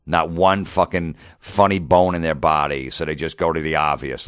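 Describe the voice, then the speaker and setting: A man's voice: a bass voice, steady tone, normal speed, a bit bright, clear, resonant tone, no echo, clean studio sound. A middle-aged man, a comedian and podcast host ranting profanely and acting out old conversations. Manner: profane, exasperated, re-enacts conversations. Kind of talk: ranting monologue.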